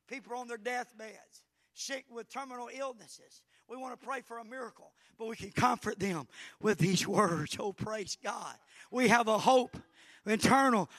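A middle-aged man with a Southern US accent preaching a fervent Pentecostal sermon, with sudden loud exclamations. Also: extremely high pitch. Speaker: pastor.

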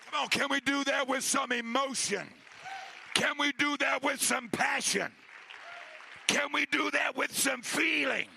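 A man preaching a Pentecostal sermon, moving from quiet, halting talk to shouted, impassioned calls. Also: very high voice, vocal fry, a crowd in the background, noisy background. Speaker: pastor.

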